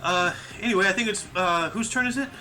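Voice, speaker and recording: A man's voice: high-pitched, quick pace, pushed and bright, faint music behind, rough recording. A young man co-hosting a casual chat, reading history facts aloud and laughing often. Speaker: podcast co-host.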